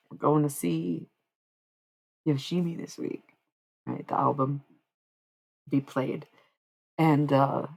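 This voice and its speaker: A woman's voice: low voice, vocal fry, breathy edge. A woman livestreaming, chatting casually to her viewers in a rambling, slangy, frank way. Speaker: livestreamer and singer.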